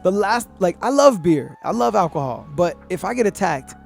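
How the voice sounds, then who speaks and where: A man hosting a podcast, telling a story in a rambling, profane, animated way and acting out what people said. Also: high-pitched, moderate pace, creaky, soft background music. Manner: profane, rambling, animated retelling with acted-out quotes. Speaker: podcast host. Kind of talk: casual storytelling.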